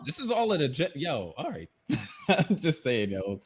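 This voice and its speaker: A podcast co-host in the middle of a heated rant, peppering his talk with curses. His voice sits a little higher than most men's. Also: wildly swooping pitch, unhurried, breathy edge, no room sound. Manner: heated ranting, heavy swearing. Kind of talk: casual podcast chat.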